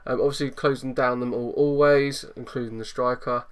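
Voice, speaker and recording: A man giving excitable live commentary over a football management game, swinging from low muttering to loud outbursts. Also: moderate pace, smooth. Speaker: gaming YouTuber.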